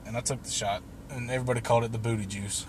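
A man's voice: medium pitch, fairly even intonation, racing. Young guy telling a wild story, casual and profane, middle voice, bit of faint hum behind. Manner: loose and profane, laughing through the tale.

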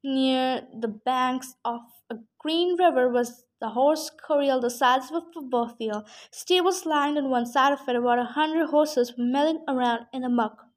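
A woman with a high voice reads a novel aloud in the first person. Now and then she slips out of the text into chatty asides, with fillers and restarts. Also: normal speed, few pauses. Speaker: reader.

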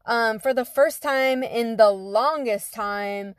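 A woman's voice: on the high side, takes it slowly, clear, resonant tone, no echo, studio quality. A young woman telling a personal story in a casual, conversational way, full of fillers like "you know". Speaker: guest telling her story.

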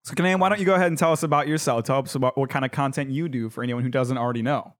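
A man's voice: mid-range voice, very fast. A man hosting a casual podcast, teasing his guest, laughing often and leaning on fillers. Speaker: podcast host.

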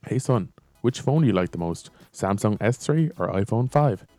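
A man's voice: lowish voice, expressive, normal speed, dark tone, dry recording, soft background music. A young man in casual chat, reading funny text messages aloud and laughing at them. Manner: giggly, reads texts aloud with amused commentary. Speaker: co-host reading funny texts.

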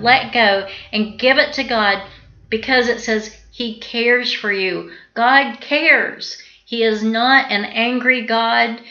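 Bright-voiced woman preaching in an echoey room. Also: fairly high pitch, highs cut off. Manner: earnest, slows down to stress scripture. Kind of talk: sermon.

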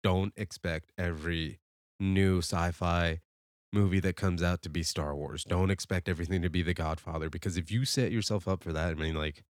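A man's voice: low-pitched, fairly even intonation, normal speed, no echo, studio quality. A man hosting a podcast, reviewing a film in a rambling, conversational way that gets fired up about the sport. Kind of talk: casual spoken film review.

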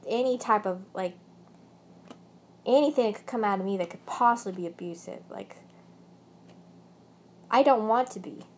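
A woman's voice: medium pitch, slight background noise. A young woman with a British accent vlogging about her ex, rambling and swearing heavily, with angry bursts. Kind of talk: emotional personal rant.

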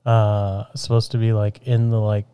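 A man's voice: on the low side, little pitch movement, normal speed, a crowd in the background. A man co-hosting a stream in casual chat, joking and laughing as he rambles.

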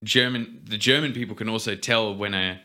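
A young man with a low voice that still rings bright and a little tense. He chats on a podcast and spins quick, animated stories. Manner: animated storyteller, quick and laughing. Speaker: podcast co-host. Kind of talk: casual chat.

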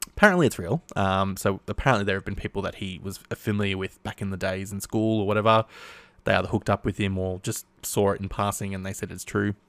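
Casual young man, low voice, dry close mic, rambling laughing chat. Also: steady tone, quick pace, a bit bright, dry recording. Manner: chatty, rambling, laughs often.

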